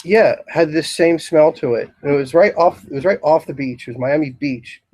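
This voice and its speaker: A man giving a casual, rambling talk on incense in a shop, describing scents with many pauses. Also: on the high side, a little mellow, no echo, poor audio. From Philadelphia area, US. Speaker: incense store lecturer. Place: shop, indoors.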